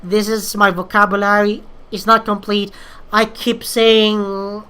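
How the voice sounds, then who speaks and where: A woman's voice: medium pitch, fairly even intonation, unhurried, fairly bright tone, smooth. A young woman from the Philippines, talking through a casual, rambling monologue, hesitant and full of fillers and restarts. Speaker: vlogger.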